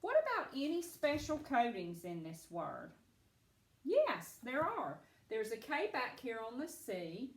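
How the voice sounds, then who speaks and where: A woman teaching a phonics lesson to children, patient and encouraging, speaking slowly and clearly. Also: fairly high pitch, wildly swooping pitch, echoey room.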